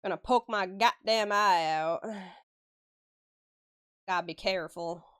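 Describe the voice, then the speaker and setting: Woman streamer with a smooth voice, chatty and loose, cursing casually between laughs. Mid-pitched, easygoing stream talk while she works on a drawing. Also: slow, a bit bright. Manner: chatty, swears casually, laughs often, answers chat. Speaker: live-stream artist.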